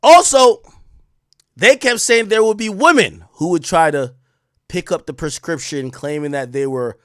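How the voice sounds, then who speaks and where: Young guy ranting on his commentary show, high bright voice, super animated, dry close mic. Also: measured pace, no echo. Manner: animated, mocking, swings from loud outbursts to low asides. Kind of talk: sarcastic news commentary.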